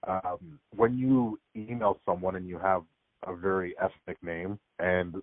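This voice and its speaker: A young man chatting casually as a podcast guest, telling stories quickly and filling his talk with "like". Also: deep voice, fairly even intonation, no room sound. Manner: rapid storytelling, frequent "like" fillers. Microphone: remote call. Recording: tinny phone-like call audio.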